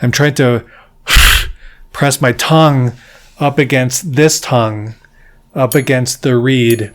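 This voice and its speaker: A man's voice: mid-range voice, steady tone, slow. A man giving a beginner's jaw harp lesson, explaining patiently step by step and joking about his own mistakes. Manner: self-deprecating about his playing. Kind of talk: instructional tutorial.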